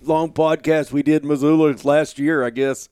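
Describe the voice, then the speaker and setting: Smooth-voiced easygoing male guest. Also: fairly high pitch, level tone, moderate pace, darkish tone, no room sound, clean studio sound. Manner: easygoing, storytelling. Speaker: guest, outdoor journalist. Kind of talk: casual conversation. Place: home office.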